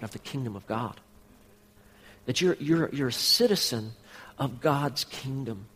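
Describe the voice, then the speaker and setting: A man's voice: medium pitch, in a large hall. A man pastor preaching a sermon, speaking earnestly and directly to his congregation.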